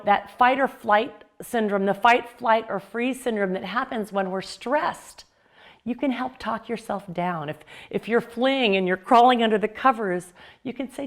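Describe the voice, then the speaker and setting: A woman hosting a self-help video, giving an upbeat motivational talk to camera built on personal anecdotes. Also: mid-range voice.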